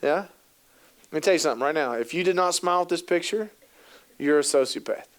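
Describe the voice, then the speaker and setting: A man's voice: a little high, fast talker. Upbeat man telling jokey stories on stage. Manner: jokey, acts out quoted voices, lots of fillers. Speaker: keynote speaker on youth work. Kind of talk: humorous storytelling talk to an audience. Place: conference hall.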